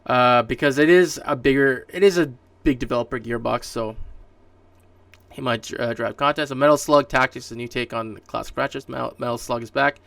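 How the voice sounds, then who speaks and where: Rambling gravelly man on gaming news. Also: medium pitch, brisk, a bit bright, no echo. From Canada. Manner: rambling, many fillers and restarts. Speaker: podcast host. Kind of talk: casual solo gaming news commentary. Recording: distant mic, dry room.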